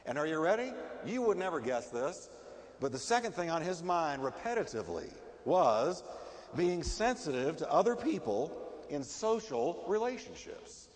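Animated man preaching in a reverberant hall. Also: on the high side, normal speed, a little hiss or hum. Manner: emphatic, animated preaching with rhetorical questions. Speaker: pastor. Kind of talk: sermon.

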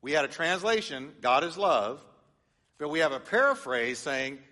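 Animated pastor with a bright voice. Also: male voice, fairly high pitch, moderate pace, in a large hall. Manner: animated, engages congregation with call-and-response. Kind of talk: sermon teaching. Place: church sanctuary.

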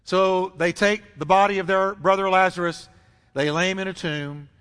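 Male pastor preaching, high and bright, dramatic swings and repetition, hall reverb. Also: steady tone, moderate pace, clear, resonant tone. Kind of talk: sermon. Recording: long reverb of a large hall.

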